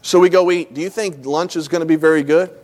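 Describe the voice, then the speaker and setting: A middle-aged man preaching a sermon, telling a story about himself and acting out both sides of the dialogue in an animated way. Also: a little high, quick pace. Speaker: pastor. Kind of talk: sermon with acted illustrations.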